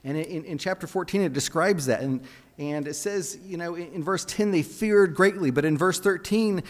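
A man's voice: a little high, normal speed. A man preaching a sermon in an earnest, conversational way, often restarting his phrases. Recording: long reverb of a hall.

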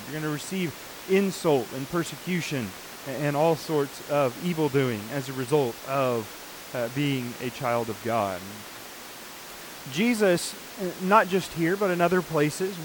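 High-voiced man preaching a sermon. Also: slight background noise, low-quality recording. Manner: earnest, explanatory teaching with scripture readings.

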